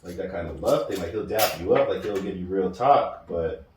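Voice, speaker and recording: A man in his thirties co-hosting a podcast, telling animated stories in casual chat and laughing often. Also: low-pitched, moderate pace, very echoey, recorded from a distance, background noise. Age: 30s. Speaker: podcast co-host.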